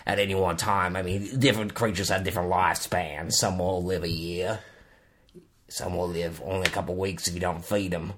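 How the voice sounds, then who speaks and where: A man plays a rambling wrangler of mythical creatures. His voice sits a little low, and he stumbles through fillers and halting restarts. He drops "mate" and "oi" through an improvised comedy interview. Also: fairly even intonation, fairly bright tone, slight background noise.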